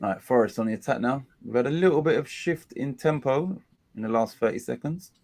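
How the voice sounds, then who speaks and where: A man, hosting a casual live watchalong of a football match. He complains about dull play and gets excited during attacks. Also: medium pitch, brisk. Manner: chatty, groans at a dull game, excited bursts at attacks. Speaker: watchalong host.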